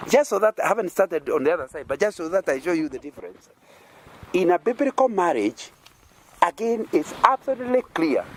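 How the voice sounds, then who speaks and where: Preaching with a Kenyan accent, a man from Kenya keeps his sermon interactive, checking in with listeners through rhetorical questions and little chuckles. His voice is on the high side, and there's a little hiss or hum.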